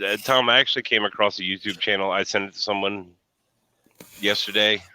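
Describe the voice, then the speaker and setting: An American man chatting casually online, telling rambling stories with animated retellings. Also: fairly low pitch, brisk, no room sound. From United States. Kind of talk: casual chat.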